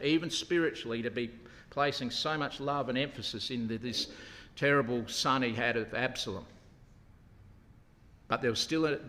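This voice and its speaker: Animated preacher in a reverberant hall. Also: male voice, medium pitch. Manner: animated, acts out quotes with raised voice. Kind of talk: sermon.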